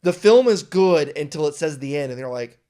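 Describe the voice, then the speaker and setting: A young man co-hosting a casual film review chat, excitable and acting out imagined lines of dialogue. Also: a little high, brisk. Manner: excitable, acts out imagined dialogue, many restarts. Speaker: podcast co-host.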